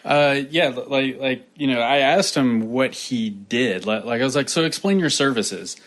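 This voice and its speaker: A man's voice: mid-range voice, a bit bright. A young adult man co-hosting a podcast, telling a story casually with many fillers and restarts. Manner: halting, filler-heavy storytelling. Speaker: podcast co-host. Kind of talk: casual chat.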